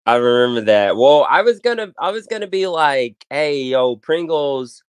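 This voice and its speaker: A man's voice: a little high, lively intonation, normal speed, clean tone, no echo. A man hosting a casual podcast, telling rambling stories full of fillers and restarts. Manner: rambling storytelling with many fillers. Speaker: podcast host. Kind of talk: casual chat.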